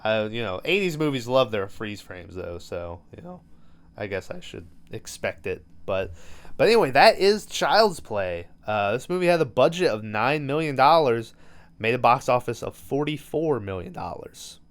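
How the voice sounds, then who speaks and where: A man's voice: medium pitch, very animated, normal speed, smooth. Casual, profane man recapping a movie. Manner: loose, profane storytelling with many fillers. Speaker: podcast host.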